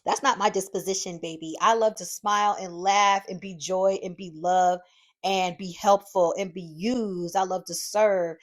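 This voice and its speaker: A woman hosting her own podcast, talking solo in a lively, encouraging way from her home craft room, calling her listeners "y'all.". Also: medium pitch, moderate pace. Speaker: podcast host. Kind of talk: casual solo podcast monologue.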